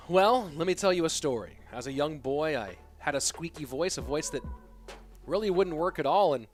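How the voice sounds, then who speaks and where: High-voiced playful male game caster. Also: expressive, normal speed, faint music behind. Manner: playful, jokey, answers viewer questions between plays. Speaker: esports caster. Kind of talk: live game commentary and reading chat.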